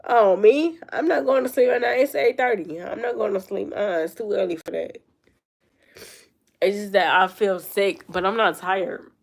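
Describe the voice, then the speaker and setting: Young woman with a creaky, stuffy voice. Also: mid-range voice, normal speed. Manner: rambling, answering chat comments. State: stuffy-nosed with a cold. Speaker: livestreamer. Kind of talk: casual chat with viewers.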